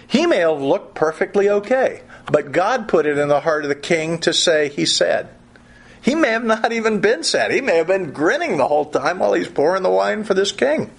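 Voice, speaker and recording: A pastor preaching a sermon in a conversational way, reading scripture and adding humorous asides. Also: male voice, high voice, big pitch swings, normal speed, vocal fry, husky.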